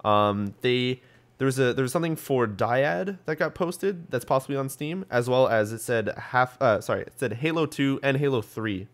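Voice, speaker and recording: A man's voice: mid-range voice, normal speed. A young man hosting a podcast, chatting casually about gaming news with lots of ums and restarts. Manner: rambling, full of ums and restarts. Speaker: podcast host.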